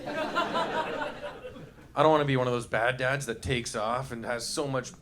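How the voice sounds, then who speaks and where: A young man doing live stand-up, riffing crudely with the crowd, often laughing and breaking into shouts, on a handheld stage mic. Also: medium pitch, lively intonation, a little slow. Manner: loose, crude, laughing through lines, shouting bursts. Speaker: stand-up comedian. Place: comedy club stage before a live audience.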